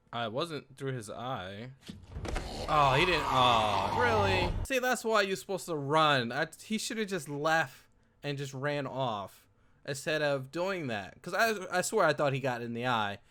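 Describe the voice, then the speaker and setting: A man reacting to a TV episode in casual commentary, prone to loud excited outbursts and repeated exclamations. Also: medium pitch. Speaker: reaction video host.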